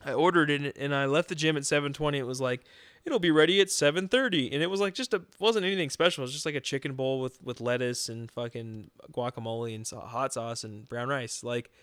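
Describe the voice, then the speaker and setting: A young man in casual chat, telling profane, animated stories with laughs. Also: medium pitch, fast talker, hardly any pauses, clear, resonant tone, no room sound, clean studio sound.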